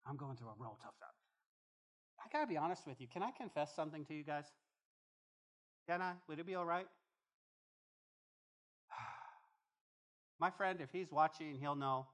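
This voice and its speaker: A man preaching a sermon as pastor, emphatic and animated, often repeating phrases as he drives a point home. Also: fairly high pitch, measured pace, pauses often. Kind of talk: expository sermon.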